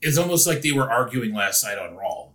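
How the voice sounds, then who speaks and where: A man's voice: mid-range voice, big pitch swings, a little fast, sharp tone. An opinionated man co-hosting a casual podcast, often restarting his sentences. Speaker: podcast co-host. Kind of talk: casual chat.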